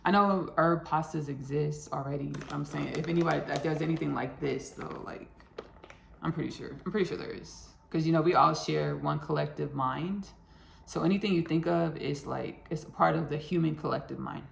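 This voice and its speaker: A woman talks her way through a home recipe in a loose, rambling chat, calling out to her viewers as y'all. Her fairly low voice has a heavy gravelly fry. The kitchen around her rings with a roomy echo. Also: moderate pace, slight background noise. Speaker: home cook and channel host. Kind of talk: casual cooking vlog chat.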